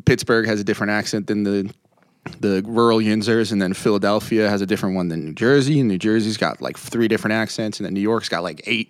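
A young comedian rambles through anecdotes, slipping into other people's voices as he goes. His voice sits low, and the close-mic sound is dry. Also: no room sound. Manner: rambling and animated, laughs often, mimics voices in anecdotes. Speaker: comedian guest. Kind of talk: casual podcast chat.

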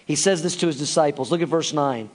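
A man's voice: on the high side, fast talker. A pastor preaching a sermon, talking straight to his congregation and acting out their reactions. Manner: addresses the congregation directly, acts out listeners' reactions.

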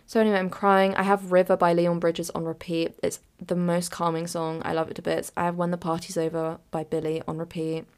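A woman's voice: on the low side, flat delivery, brisk, hardly any pauses, darkish tone, clean tone. Giggly, chaotic woman storyteller. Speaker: podcast host. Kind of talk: storytelling podcast.

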